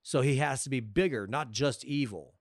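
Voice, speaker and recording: A man's voice: mid-range voice, normal speed, no room sound. Man, podcast co-host, casual banter, profane and playful, dry studio sound. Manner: profane, jokey, slips into mock quotes. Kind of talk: casual movie-review chat.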